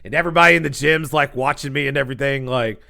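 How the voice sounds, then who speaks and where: Dude doing a story time vlog, super animated, gravelly bright voice, slangy and dramatic. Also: male voice, mid-range voice, fast. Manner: animated, dramatic, acts out scenes and sound effects; casual slangy speech with lots of fillers. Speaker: storytelling vlogger.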